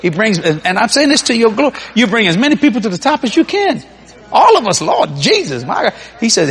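A man's voice: high-pitched, a little fast, gravelly, slightly rough. A man preaching a sermon, telling stories with acted-out quotes and frequent laughter. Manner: animated storytelling, acts out quotes, laughs often. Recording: long reverb in a large hall.

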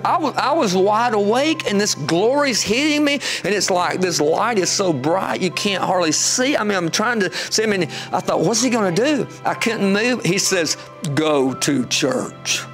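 A man guest telling an emotional testimony with fervent storytelling, rising high when excited. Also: moderate pace, hardly any pauses, faint music behind.

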